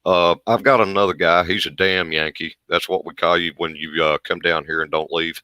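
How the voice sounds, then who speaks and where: Brief: Southern man, very low voice, crisp bright tone, joking and crude, dry close sound. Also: fairly even intonation, moderate pace, no echo, muffled recording. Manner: joking, crude, laughs often. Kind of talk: casual chat.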